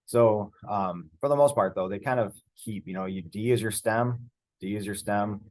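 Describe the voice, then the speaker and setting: A man teaching a screen-share Spanish grammar lesson in a relaxed, rambling way, spelling words out letter by letter. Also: lowish voice, normal speed, no room sound.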